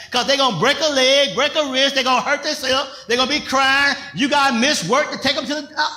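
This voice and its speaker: An older man, a pastor, preaching in a conversational style with call-and-response questions, rising at times to shouts. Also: very high voice, echoey room. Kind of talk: sermon.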